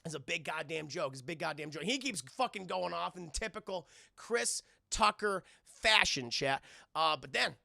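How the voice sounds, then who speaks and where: A man retells a movie scene by scene for his live stream chat. He swears often and jumps into the characters' voices as he goes. His voice sits high and gravelly with a bright, forward edge. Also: moderate pace, no room sound, studio quality. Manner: profane, animated, acts out quoted lines. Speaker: streamer reviewing a film. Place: home streaming setup.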